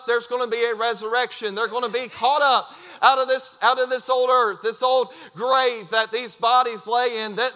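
A man preaching a fervent sermon, emphatic and repetitive, breaking into shouts. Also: extremely high pitch.

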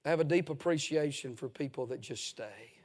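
A man's voice: mid-range voice, brisk, a little mellow, husky. A man preaching a folksy, emphatic sermon as a pastor in a church.

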